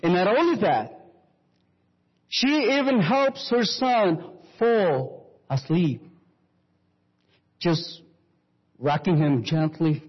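A man preaching a sermon, slowly telling a story and quoting scripture. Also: high voice, animated, husky. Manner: slow, sweeping preaching with Bible quotes. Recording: dull reverberant hall recording.

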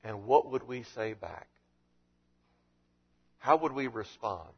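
Animated male pastor preaching. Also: medium pitch, slow pace, breathy edge, highs cut off. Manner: animated preaching with rhetorical questions. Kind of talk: sermon.

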